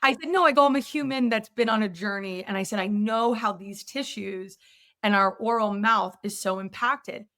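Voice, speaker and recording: A woman's voice: mid-range voice, normal speed. A woman podcast host and myofunctional therapist telling a story in conversation, acting out the quoted dialogue with energy. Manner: animated, acts out quoted dialogue in her stories.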